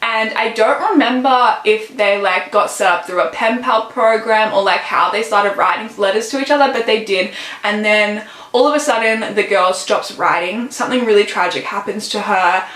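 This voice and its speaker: A woman's voice: mid-range voice, normal speed, fairly bright tone. Gushing teen woman, roomy sound. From Australia. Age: late teens. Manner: gushing, chatty, fond of "literally" and "so good". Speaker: book vlogger. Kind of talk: casual book recommendations.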